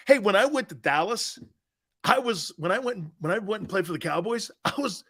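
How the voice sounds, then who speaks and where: A man's voice: high-pitched, big pitch swings, fairly quick, fairly bright tone. A middle-aged man hosting a sports talk show, joking with his crew, laughing often and restarting his sentences.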